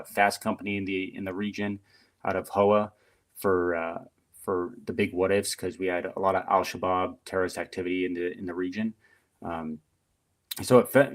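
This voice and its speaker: A middle-aged man with a fairly low voice tells stories from his service years as a podcast guest. His delivery is chatty and animated, loose with fillers. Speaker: podcast guest, retired Marine. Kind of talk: casual storytelling interview.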